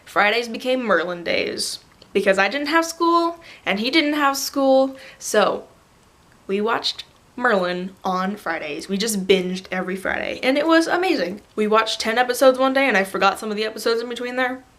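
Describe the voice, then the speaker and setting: A young adult woman vlogging to a camera on a tripod, rambling excitedly in a casual fan rant. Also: a little high, normal speed.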